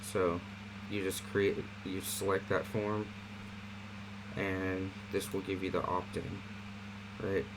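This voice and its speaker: Man, lowish voice, relaxed tutorial host, faint air-conditioner hum in the room. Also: takes it slowly. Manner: relaxed, conversational walkthrough with fillers. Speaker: online marketing platform host. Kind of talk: casual screen-share tutorial.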